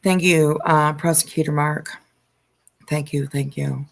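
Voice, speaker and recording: A woman hosting a livestream, reading news aloud and commenting in a halting way with frequent ums and uhs. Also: low-pitched, little pitch movement, gravelly. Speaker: livestream host.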